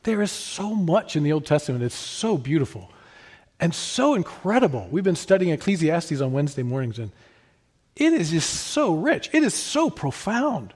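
A man preaching a sermon in an earnest, emphatic way, rising to stress his points and then dropping soft. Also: on the high side, sing-song, moderate pace, slightly rough. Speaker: pastor.

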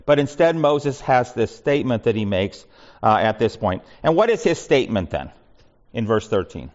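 A man's voice: medium pitch, big pitch swings, moderate pace, a little mellow. Man teaching Bible study, muffled recording. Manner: conversational, with frequent restarts and asides.

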